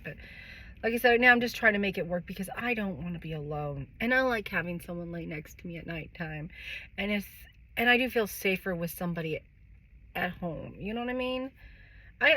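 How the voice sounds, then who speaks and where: This vlogger, a middle-aged woman, speaks at a medium pitch in a sharp tone. Her candid monologue wanders, packed with profanity, frequent sighs and bursts of laughter.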